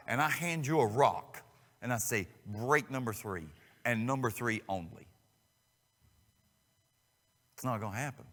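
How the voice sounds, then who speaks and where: Man preaching in an echoing hall. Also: medium pitch. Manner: folksy and conversational, acts out quotes with swings from hushed to loud. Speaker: guest preacher. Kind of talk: sermon. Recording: long reverb of a church sanctuary.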